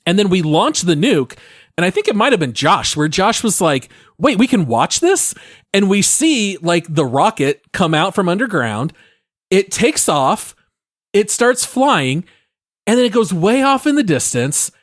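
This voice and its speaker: A man's voice: sits high, very animated, measured pace, no room sound, studio quality. A man co-hosting a casual gaming podcast, describing a mission step by step. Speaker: podcast co-host.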